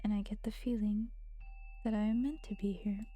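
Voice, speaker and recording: A woman voicing a calm, gentle young woman in a visual novel, speaking softly and earnestly in a whispered role-play. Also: medium pitch, normal speed, soft background music, close to an everyday voice. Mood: resolved. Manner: soft, earnest, often whispered.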